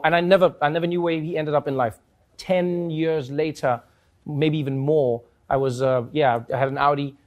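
A man with a South African accent telling comic stories to an audience, acting out voices with big jumps in pitch. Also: a little mellow. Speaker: talk show host. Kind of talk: storytelling to a live audience.

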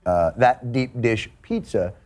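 A man with a New York accent delivering a comedic late-night monologue, mock-indignant with deadpan asides. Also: medium pitch, slow. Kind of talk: comedic monologue to a studio audience.

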